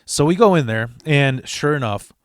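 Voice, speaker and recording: This young man's voice is smooth and mid-range, moving at normal speed as he casually shares a personal story. Profane and animated, he acts out others' quoted words, and the recording is dry.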